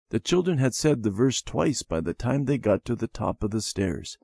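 A man's voice: mid-range voice, normal speed, creaky, few pauses, husky, dry recording. Man reading a children's story aloud. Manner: expressive read-aloud for children. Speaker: narrator. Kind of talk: scripted storybook narration.

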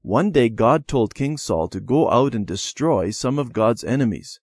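A man voicing a patient mother who calmly teaches her children. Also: mid-range voice, moderate pace, dry recording, studio quality. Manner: calm, instructive storytelling.

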